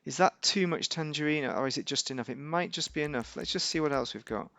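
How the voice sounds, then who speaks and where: A man's voice: a little high, fast talker, creaky, a bit bright, no room sound. A man giving casual, rambling gameplay commentary as a YouTuber, correcting himself and making wry asides. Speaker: gaming YouTuber.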